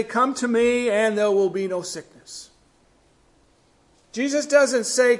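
Man, middle-aged, preacher, sermon, earnest, slightly high pitch. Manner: earnest, rising emphasis then quiet falls.

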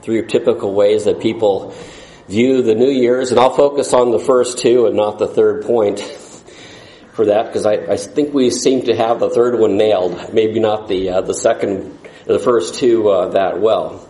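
A man's voice: lowish voice, steady tone, measured pace, mellow, roomy sound, poor audio. A man preaching a sermon in a folksy, rambling way, with jokes along the way.

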